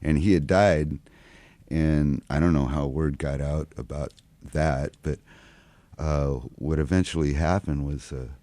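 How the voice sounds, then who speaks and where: A man's voice: a bass voice, steady tone, a little slow, mellow, no room sound. A man, a guest musician, telling a rambling anecdote in casual chat, acting out the quotes along the way. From Seattle area. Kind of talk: casual storytelling.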